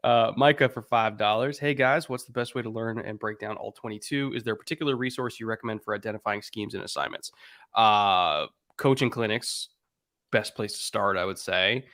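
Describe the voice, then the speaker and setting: A man's voice: fairly low pitch, fairly quick, a bit bright, dry recording, studio quality. A man co-hosting a podcast in casual chat, talking loosely, joking and swearing now and then. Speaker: podcast co-host.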